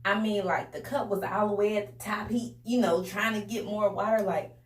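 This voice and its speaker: A woman's voice: medium pitch, normal speed. Chatty young woman with a roomy, distant sound. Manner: chatty, animated, addresses viewers as y'all. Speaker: vlogger. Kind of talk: casual storytime. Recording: roomy echo, a bit distant from the mic.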